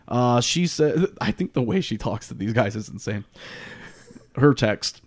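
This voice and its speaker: A man's voice: medium pitch, animated, a little slow. Laid-back swearing man reading posts. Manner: laughing, swearing, loose and rambling. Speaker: podcast host. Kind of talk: casual chat, reading out social media posts.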